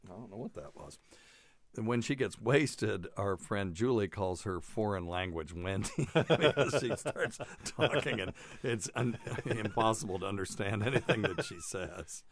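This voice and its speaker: A man's voice: on the low side, expressive, a little slow. A man hosting a casual medical talk show, rambling and joking, often laughing at his own lines. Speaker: podcast host, doctor. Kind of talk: casual chat.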